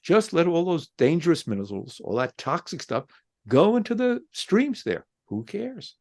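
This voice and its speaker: A man's voice: on the high side, wildly swooping pitch, moderate pace, darkish tone. A man who is a philosophy professor and author, answering an interview with impassioned rhetorical questions. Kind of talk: interview answer, reflective monologue.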